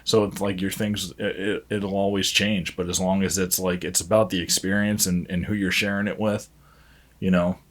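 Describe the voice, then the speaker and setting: Deep, flat-voiced podcast host man. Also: moderate pace. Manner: easygoing, rambling, with many fillers. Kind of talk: casual chat.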